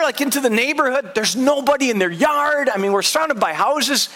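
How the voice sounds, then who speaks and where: Pastor guy spinning a funny story in a sermon, high bright voice, acts out his own thoughts. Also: lively intonation, moderate pace.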